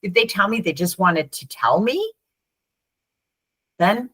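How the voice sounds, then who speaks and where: A woman's voice: fairly low pitch, normal speed. A middle-aged woman, a former teacher turned parent coach, talking in an interview and acting out the voices of children and parents in her stories. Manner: animated storyteller who acts out children's and parents' voices. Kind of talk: conversational interview.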